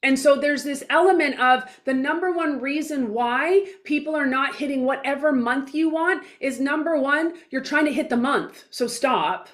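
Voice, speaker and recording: A woman's voice: sits high, moderate pace, few pauses, fairly bright tone. A woman in her forties speaking as a guest in an interview, blunt and emphatic, with mild swearing and little acted-out dialogues in her stories. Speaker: guest speaker, business coach. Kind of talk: casual interview talk.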